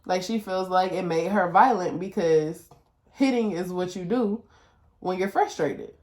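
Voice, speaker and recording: A woman's voice: a little slow, darkish tone. A woman co-hosting a podcast with a Detroit accent, chatting candidly and with a lot of profanity, often laughing. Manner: candid, profane, laughing often, imitates her child in a high voice. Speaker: podcast co-host. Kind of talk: casual chat. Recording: echoey room.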